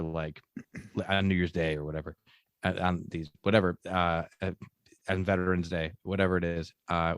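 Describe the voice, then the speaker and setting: Really low voiced chicago guy on a podcast, lots of uhs, dry sound. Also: clean tone, no room sound. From Chicago area. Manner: halting, hesitant, many "uh" fillers. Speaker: podcast co-host. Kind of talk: casual chat.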